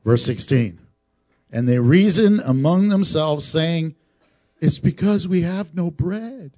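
A man preaching a sermon as a pastor, animated and teasing with the congregation. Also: fairly high pitch, takes it slowly, no echo, muffled recording. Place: church sanctuary.

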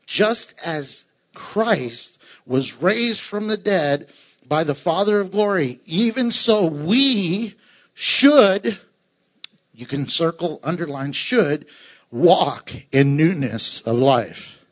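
A man preaching a lively sermon as a pastor, laughing and acting out voices of his listeners. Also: high voice, dull audio.

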